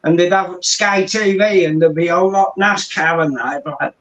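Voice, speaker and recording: A man's voice: high voice, normal speed, a bit bright, rough recording. A middle-aged man from England, a guest telling rambling stories in casual chat and repeating "do you know what I mean".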